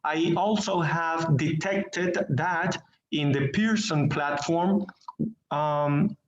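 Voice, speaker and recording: A man whose first language is Spanish teaching an English class online, speaking slowly and deliberately and repeating words as he searches for them. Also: fairly high pitch. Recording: echoey, dull online class audio.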